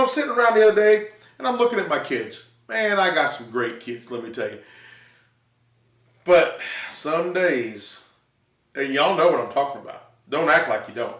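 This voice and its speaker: High-voiced man telling home stories. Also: normal speed, long pauses. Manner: animated storytelling, sound effects, talks to audience. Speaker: stand-up comic. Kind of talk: stand-up comedy from home. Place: living room at home. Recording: roomy echo, mic at a distance.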